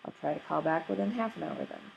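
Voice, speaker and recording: A woman's voice: low voice, fast, creaky, dull audio, slight background noise. A woman doing an earnest young American man.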